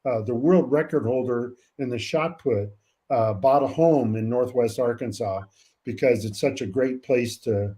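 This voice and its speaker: Mellow-voiced older coach, unhurried. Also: male voice, mid-range voice. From California. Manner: measured and reflective, many "uh" pauses. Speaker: college track coach, guest. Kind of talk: casual interview talk.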